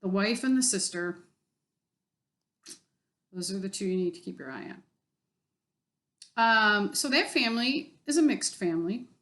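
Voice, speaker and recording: A woman's voice: medium pitch, animated, normal speed, long pauses. A woman telling a story in a casual vlog, blunt and exasperated, swearing freely. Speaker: vlogger.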